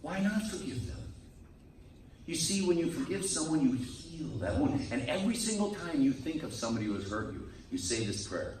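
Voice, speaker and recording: A priest preaches with a lively, swooping delivery and a fairly high voice. He sounds set back from the mic, and the room around him echoes, with a faint hum underneath. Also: moderate pace, distant mic. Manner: lively preaching, acts out quoted people. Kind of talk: sermon. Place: meeting room.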